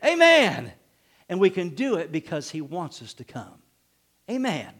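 A man preaching a sermon as pastor, animated, with frequent calls of amen and acted-out quotes. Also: high-pitched, a little slow.

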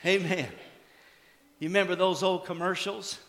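Fiery, bright-voiced preaching pastor. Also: male voice, high-pitched, level tone, fast talker. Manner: fiery preaching, shouts and exhortations. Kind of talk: sermon.

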